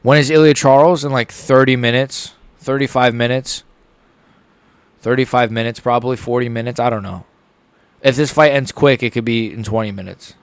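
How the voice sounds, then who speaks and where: A man's voice: medium pitch, moderate pace, clear, resonant tone, no room sound. Young man rambling on a live stream. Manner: rambling, stumbling over words. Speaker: livestream host. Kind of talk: casual live reaction chat.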